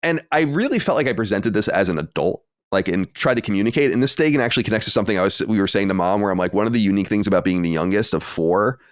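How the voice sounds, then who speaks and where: Low-voiced man telling a story. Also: racing, hardly any pauses, no room sound, studio quality. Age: 30s. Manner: animated storytelling, exasperated asides. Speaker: podcast co-host. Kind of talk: casual chat.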